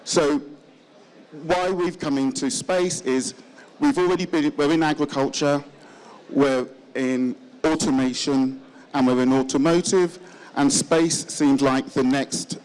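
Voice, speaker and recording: A man with a Yorkshire accent pitches his company to a room. He talks in a halting way, with fillers and repeated words. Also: steady tone, a little mellow, poor audio. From northern England. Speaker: company representative presenting. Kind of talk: event pitch talk.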